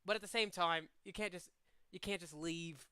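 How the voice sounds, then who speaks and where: A man voicing a calm, placating male angel who soothes a crowd. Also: high-pitched, normal speed, smooth, no echo, clean studio sound. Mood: soothing.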